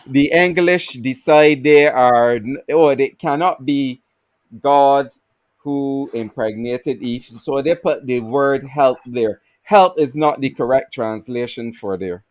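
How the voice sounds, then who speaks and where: This man speaks slowly over a video call, searching for words and restarting often as he explains. The sound is dry and close, with no room around it, and his pitch sits at an ordinary middle. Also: no echo. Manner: halting, many fillers and restarts, explanatory. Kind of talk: casual livestream discussion.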